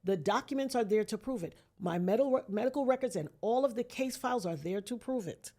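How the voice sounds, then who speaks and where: A woman's voice: fairly high pitch, animated, fast. A woman, a podcast guest, telling a dramatic personal story and acting out the voices of others. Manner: dramatic, acts out quoted voices, swings from hushed to near-shouting. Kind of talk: emotional storytelling.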